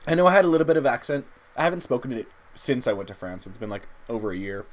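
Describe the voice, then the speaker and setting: A young man, chatting casually and haltingly with viewers while drawing on a livestream. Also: medium pitch, sing-song. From Canada. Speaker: streamer drawing live.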